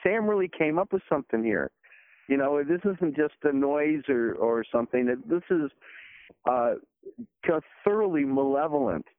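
Guest on a dry, phone-quality line; relaxed man, meandering, lots of "uh"s. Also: fairly high pitch, normal speed, no room sound. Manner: rambling, many fillers and restarts. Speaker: guest, former special effects worker. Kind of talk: casual podcast chat.

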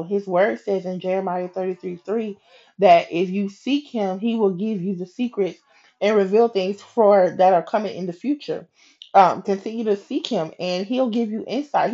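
A woman hosting a podcast, telling a personal faith story in a chatty, animated way and acting out what people said. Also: mid-range voice, muffled recording. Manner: animated and chatty, slips into quoted voices, laughs. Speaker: podcast host. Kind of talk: casual faith storytelling monologue.

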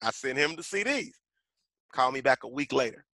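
A man's voice: medium pitch, lively intonation, a little fast, bright, forceful tone, no echo. A middle-aged man, a rapper and voiceover artist, telling stories as a podcast guest and now and then breaking into rhymed verse. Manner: bursts into rhymed rap verses mid-talk. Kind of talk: animated conversational storytelling.

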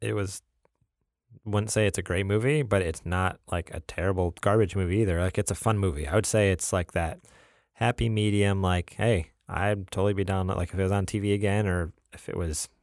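A man's voice: sits low, fairly even intonation, a little fast, darkish tone, no room sound, studio quality. A man co-hosting a podcast in casual chat, laid-back and laughing often, with many fillers. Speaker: podcast co-host.

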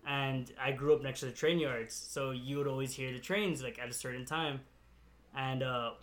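A man's voice: medium pitch, fairly even intonation, normal speed, a bit bright. A man co-hosting a casual chat with friends, telling a childhood story in a rambling way, laughing often and swearing freely. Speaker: podcast co-host.

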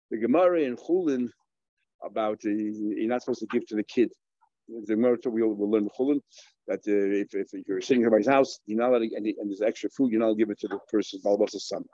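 A man's voice: medium pitch, mellow, no room sound, dull audio. A man giving a Talmud lesson in English, peppered with Hebrew and Aramaic terms, asking and answering his own questions with frequent restarts. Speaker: Talmud teacher.

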